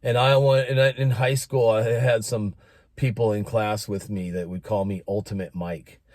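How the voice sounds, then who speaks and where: A middle-aged American man telling a personal story in a casual monologue, animated and expressive. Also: fairly low pitch, moderate pace, dry recording. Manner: animated, breaks into announcer-style shouting when quoting.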